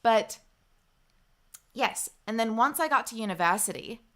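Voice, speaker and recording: A young Australian woman with an Australian accent hosts a livestream, chatting casually and reading viewer comments aloud. Her slightly high voice is unhurried and sharp, with lively intonation.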